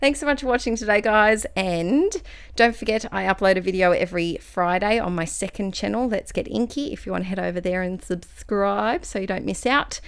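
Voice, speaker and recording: A woman's voice: mid-range voice, a little fast, clean tone. A young Australian woman narrating her scrapbooking video in a chatty, rambling way, restarting phrases and slightly out of breath. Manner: chatty, rambling, self-correcting. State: a little out of breath. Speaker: craft vlogger.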